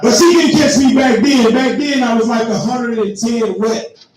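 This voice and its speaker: A man's voice: very high-pitched, moderate pace, a little mellow, a little hiss or hum. A man telling a profane story in a stand-up comedy set, talking straight to the crowd. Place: live comedy venue. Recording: echoey room, heard from far off.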